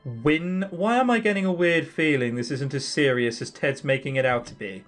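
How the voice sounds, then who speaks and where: A man's voice: fairly high pitch, normal speed, a bit bright, soft background music, pitched below the performer's own voice, lightly acted. A young man voicing a cheerful, playful young woman shop assistant in a bubbly, teasing voice. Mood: puzzled. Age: 20s.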